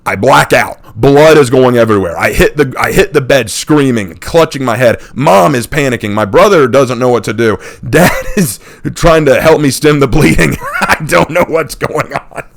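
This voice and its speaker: A man's voice: a little high, gravelly. A man from the United States telling a funny childhood story on his channel and laughing often. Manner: acts out people in the story with quick impressions. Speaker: channel host. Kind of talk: casual storytelling.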